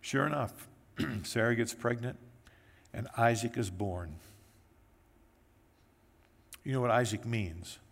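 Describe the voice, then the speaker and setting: A male pastor preaching a sermon, telling the story in a lively way and briefly acting out the voices of the people in it. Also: medium pitch, slow, gravelly, pauses often. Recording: echoey hall with long reverb.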